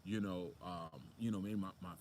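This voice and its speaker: A man with a low voice gives a casual spiritual talk outdoors. He preaches in a loose, conversational way, full of fillers and asides, with faint outdoor ambience around him. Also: steady tone, moderate pace, darkish tone, a little hiss or hum. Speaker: spiritual motivational speaker.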